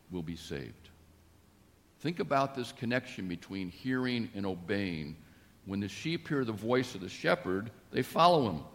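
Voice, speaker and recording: A man preaching a sermon in a measured, deliberate way, with emphatic rises. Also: lowish voice. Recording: long reverb of a church.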